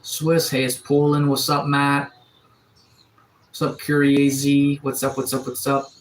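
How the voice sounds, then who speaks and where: Poor audio captures a medium-pitched, utterly flat, unhurried male voice. He's a livestreamer from Atlantic Canada with a cold, sitting in his sunroom and casually responding to comments from chat as he reads them aloud.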